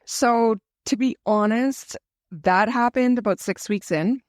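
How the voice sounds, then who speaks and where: A woman's voice: a little high, takes it slowly, no room sound, clean studio sound. A woman guest telling her own story in an interview, earnest and reflective. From Canada. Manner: earnest, emotional, reflective retelling.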